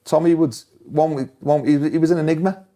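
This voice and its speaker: A man's voice: on the high side, brisk, mellow. A man, a former footballer, cheerfully recalling an old teammate's antics in casual chat. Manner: amused, anecdotal.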